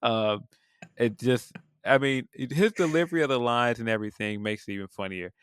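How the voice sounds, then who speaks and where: A man co-hosting a podcast, talking about a film in a laid-back, soft way and laughing often. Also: mid-range voice, fairly quick, smooth, dry recording, studio quality. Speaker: podcast co-host. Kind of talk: casual film review chat.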